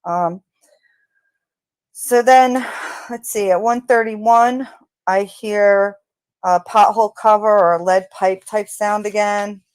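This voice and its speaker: A woman's voice: mid-range voice, steady tone, slow pace, pauses often, smooth, dry recording. A woman narrating her analysis of crime-scene audio, speaking tentatively with fillers and speculation. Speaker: true crime commentator.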